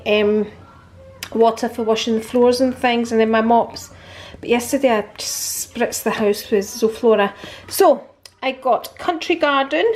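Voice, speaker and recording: A woman's voice: on the high side, a little mellow, a little hiss or hum, low-quality recording. A woman in casual vlog narration at home, chatting as she shows her purchases one by one. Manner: chatty, showing off purchases item by item. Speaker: vlogger.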